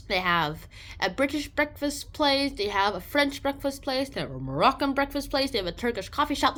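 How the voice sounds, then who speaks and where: Lively woman summarizing a book. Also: high-pitched, moderate pace. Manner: animated, rambling, with many restarts and playful voices. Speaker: book reviewer.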